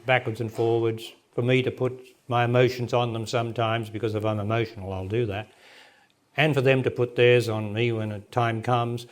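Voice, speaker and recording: A man in his sixties, a spiritual teacher talking directly to a gathering and answering a question in plain words. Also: mid-range voice. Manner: direct, plain-spoken, laughs often. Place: meeting hall with audience. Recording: remastered 1998 talk recording.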